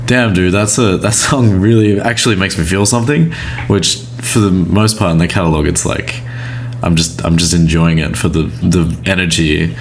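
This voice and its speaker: A man's voice: deep voice, slight background noise. A young man from Australia in a rock band, chatting in a laid-back, slangy way with some swearing. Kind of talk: casual podcast chat.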